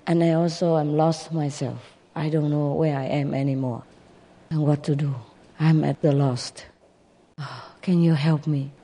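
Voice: mid-range voice, fairly even intonation, unhurried, dark tone. A storyteller voicing a frightened runaway goose who sighs, pleads and quacks. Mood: pleading. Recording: long hall reverb.

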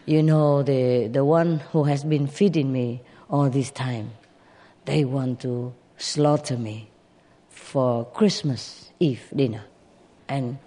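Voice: mid-range voice, slow pace, dark tone. A storyteller voicing a frightened runaway goose who sighs, pleads and quacks. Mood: pleading. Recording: long hall reverb.

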